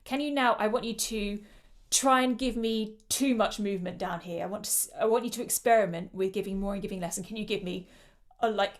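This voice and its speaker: A woman's voice: mid-range voice, a little fast. A woman leading a vocal workshop, explaining breath control and demonstrating with shushing sounds. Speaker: choral singing coach. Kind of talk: online vocal workshop instruction.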